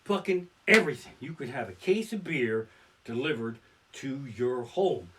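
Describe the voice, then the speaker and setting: A man's voice: medium pitch, lively intonation, normal speed, background noise. A man doing a profane, crude stand-up set, live-streamed from his living room. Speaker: stand-up comedian. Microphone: barebones home streaming mic.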